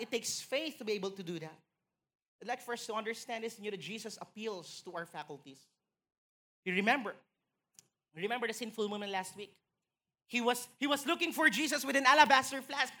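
A woman with a Filipino accent preaching a sermon in church, building to emphatic, excited peaks. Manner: animated, rising to emphatic highs, mixing in Tagalog phrases.

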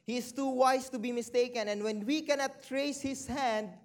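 Preacher slowing down for emphasis. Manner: slows down and stretches key phrases for emphasis; drops low and quiet on sad points, rises on excited ones. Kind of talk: sermon with scripture reading.

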